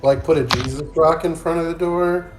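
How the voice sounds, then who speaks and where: A man's voice: a little high, normal speed, over music. A man playing a tabletop game, asking polite questions. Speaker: player. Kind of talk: casual tabletop game chat.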